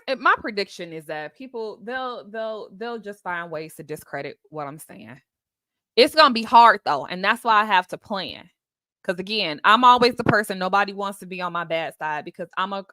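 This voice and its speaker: A woman hosting a casual live stream, greeting viewers by name and chatting in an animated way, often laughing. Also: medium pitch, no echo.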